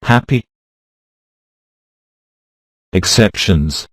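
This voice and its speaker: Slow, low-voiced male teacher, dry and close. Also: lively intonation, dry recording. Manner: slow, deliberate, reads words out one by one. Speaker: pronunciation teacher. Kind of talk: scripted instructional narration.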